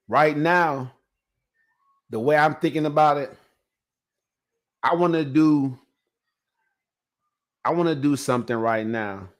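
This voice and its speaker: Man telling a rambling story. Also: mid-range voice. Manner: rambling, slangy, talks straight to viewers. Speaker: podcast host. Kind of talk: casual storytelling monologue.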